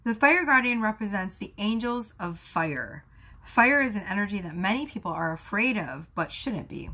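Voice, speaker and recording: A woman giving a casual tarot reading, rambling with many fillers and asides, her voice going hoarse. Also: medium pitch, expressive, moderate pace, bright, forceful tone. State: losing her voice. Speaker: tarot reader.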